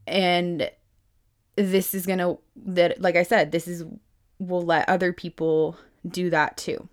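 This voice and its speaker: Chatty, emphatic woman around thirty. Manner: chatty, lots of "like", swears freely, emphatic swings in pitch and loudness. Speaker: podcast host. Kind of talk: casual self-help monologue.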